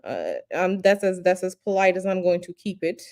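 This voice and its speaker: A woman's voice: lowish voice, big pitch swings, normal speed, a little mellow. A woman hosting a casual livestream chat at home, reading viewer comments in a teasing, chatty way that hints at gossip and often repeats herself. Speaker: livestream host.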